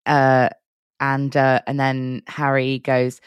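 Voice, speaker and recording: A woman co-hosting a podcast, chatting casually and laughing a lot as she tells animated stories. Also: sits low, moderate pace, no room sound, studio quality. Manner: giggly, animated storyteller doing silly quoted voices. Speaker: podcast co-host. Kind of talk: casual chat.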